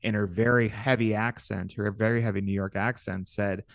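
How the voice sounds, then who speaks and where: A man, a guest author, explaining his ideas in a measured way during an interview, with some fillers. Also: lowish voice, fairly even intonation, creaky, no echo, studio quality. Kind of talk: interview talk.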